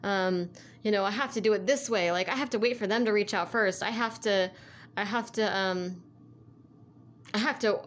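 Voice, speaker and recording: In a casual, earnest tarot session, a woman with a medium-pitched, fairly bright voice coaxes along, rambling and repeating herself. "Like" and "you know" come up again and again, and a little background noise is present.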